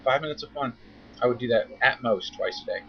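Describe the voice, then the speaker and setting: A man's voice: mid-range voice, a little fast. A man giving an informal talk as a koi veterinarian, chatty and wry, acting out mock quotes. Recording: dull lo-fi recording with faint noise.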